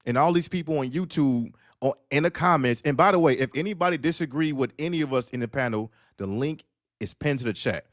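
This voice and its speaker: A man's voice: mid-range voice, a little fast, dry recording, studio quality. A man talking on a streamed panel discussion, telling stories bluntly and preaching with profanity. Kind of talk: casual streamed panel talk.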